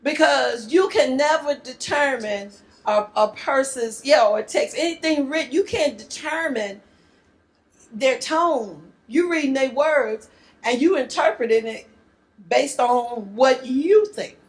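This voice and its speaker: Lively, joking middle-aged woman teaching. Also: high voice, takes it slowly. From northern United States. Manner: lively, joking, casual speech, acts out dialogue. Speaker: marriage workshop speaker. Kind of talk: teaching talk to a live group.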